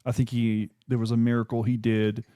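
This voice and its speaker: A man in casual chat who chimes in with relaxed, short remarks. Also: medium pitch, a little fast, clear, resonant tone, no echo, studio quality.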